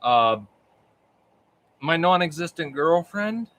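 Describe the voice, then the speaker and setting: Man, bright voice, animated, casual guest chat. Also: fairly high pitch, slow pace, a little hiss or hum.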